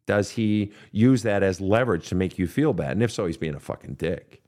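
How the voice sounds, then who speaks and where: A man's voice: deep voice, a little fast, darkish tone. A man hosting a counseling podcast, answering listener questions in a blunt, profane, direct manner. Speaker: counselor and show host.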